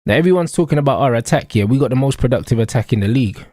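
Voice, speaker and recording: A man's voice: medium pitch, expressive, very fast, a little mellow, no echo, studio quality. A young man with a London accent, ranting casually about football on a live stream, full of slang and repeated catchphrases. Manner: slangy, emphatic, repetitive.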